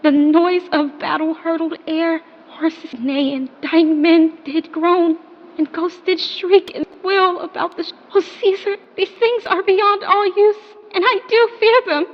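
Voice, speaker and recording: A woman's voice: extremely high pitch, steady tone, a little slow. A woman playing an anxious, devoted wife of a Roman ruler in an audio drama, pleading with fear in her voice. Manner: pleading, fearful. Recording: dull lo-fi with long reverb.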